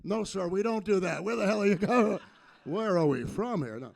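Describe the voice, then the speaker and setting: A high-pitched man works a comedy club crowd with a stand-up set. He lands his punchlines in a deadpan way, speaking into a handheld stage mic. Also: normal speed, creaky. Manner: deadpan punchline delivery with sung parody bits.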